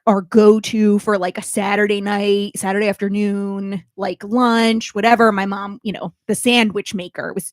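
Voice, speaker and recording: A woman's voice: mid-range voice, dry recording, studio quality. A woman co-hosting a podcast, chatting casually and telling rambling anecdotes. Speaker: podcast co-host.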